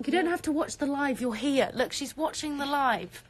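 A young woman, chatting excitedly on a live stream from her bedroom, breathless and repeating herself. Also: sits high, moderate pace, soft background music. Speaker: social media creator on a live stream. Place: bedroom at home.

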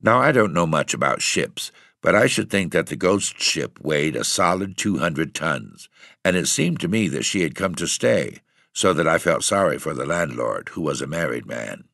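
A man reading a ghost story aloud in a steady, measured way. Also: very deep voice, vocal fry, no room sound, clean studio sound. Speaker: audiobook reader.

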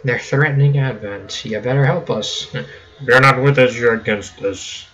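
A man's voice: mid-range voice, unhurried, fairly bright tone, lo-fi sound, lightly acted. A man reading a game character's lines aloud in a hammy mock Irish brogue. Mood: mock-stern.

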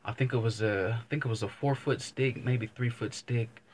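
A man's voice: mid-range voice, steady tone, moderate pace, noisy background. A young man vlogging, telling a casual story to camera, rambling and swearing, often circling back with "but anyways.". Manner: rambling, profane, keeps saying "but anyways".

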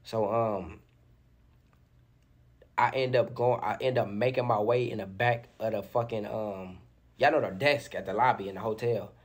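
A young man casually retelling a story in an animated, slangy way, full of fillers. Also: on the low side, moderate pace. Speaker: storyteller in a played interview clip.

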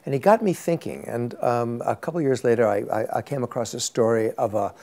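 A man's voice: mid-range voice, a little fast, mellow. An older man, an actor as interview guest, telling rambling anecdotes in a casual chat and often repeating words.

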